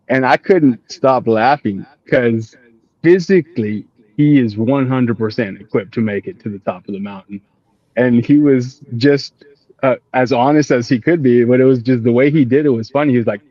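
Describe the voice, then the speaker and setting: A man's voice: medium pitch, a little fast, a little mellow, no echo, lo-fi sound. A man casually telling a funny story from a group climb, laughing as he retells it. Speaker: climb team member.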